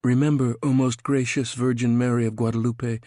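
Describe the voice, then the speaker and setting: A man's voice: medium pitch, moderate pace, no echo, studio quality, voice pushed up, close to an everyday voice. A man voicing a brave, scholarly young woman in an audiobook, speaking with commanding conviction. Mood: fervent prayer. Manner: commanding, fervent prayer delivery. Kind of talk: audiobook character voice.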